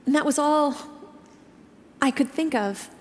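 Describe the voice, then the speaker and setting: A woman in her fifties preaching a sermon to her church, telling a personal story earnestly, with halting restarts. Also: sits high. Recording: reverberant hall.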